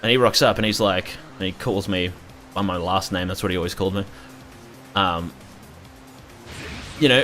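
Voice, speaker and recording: A man's voice: lowish voice, brisk, long pauses, a bit bright, faint music behind. A young Australian man in his twenties chatting casually and rambling while streaming a game, joking and swearing often. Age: 20s. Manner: rambling, profane, jokey.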